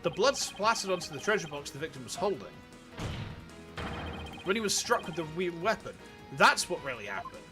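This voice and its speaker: A man's voice: high voice, big pitch swings, brisk, long pauses. Man reading as an earnest defense lawyer. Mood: determined. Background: game music.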